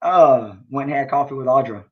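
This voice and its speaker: A man's voice: mid-range voice, a little fast, lo-fi sound. A man, a guest on a podcast, talking in laid-back casual chat with short answers. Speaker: guest, fighter and army veteran.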